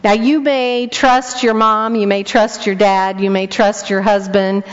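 At medium pitch and a slightly slow pace, a grandmother delivers a storytelling sermon, animatedly performing each character's lines. A long hall echo and dull lo-fi sound color the clip.

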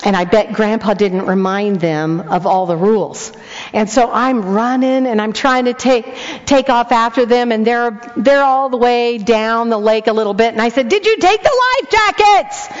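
Animated grandmother telling a story in a hall. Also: a little high, moderate pace. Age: older. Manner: animated, acts out the dialogue. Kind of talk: storytelling sermon. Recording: long hall echo, dull lo-fi sound.

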